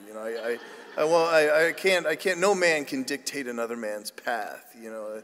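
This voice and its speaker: A man's voice: mid-range voice, animated, a little fast, a bit bright, big-room sound. A man, a priest, giving a humorous, chatty sermon with a self-deprecating streak and frequent restarts. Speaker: priest giving a parish mission talk. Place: church.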